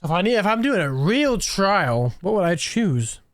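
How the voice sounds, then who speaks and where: A man's voice: high voice, very animated, normal speed, dry recording. A man playing an indie horror game, reading game dialogue aloud and joking as he goes. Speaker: gamer. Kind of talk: gameplay commentary.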